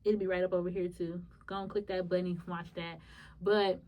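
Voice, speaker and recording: A woman hosting a solo podcast, telling a personal story in a casual, emotional way, talking to her listeners as y'all and swinging between soft musing and sudden high, excited bursts. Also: a little fast, far from the mic, dull audio. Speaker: podcast host.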